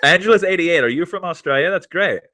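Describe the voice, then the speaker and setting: Animated man hosting a live stream. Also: a little high, fast. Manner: enthusiastic, animated. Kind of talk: casual chat.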